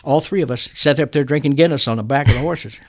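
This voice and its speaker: A man's voice: mid-range voice, quick pace. An older man, a trial lawyer telling folksy stories in an interview. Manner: folksy, drawling storyteller. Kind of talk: interview storytelling.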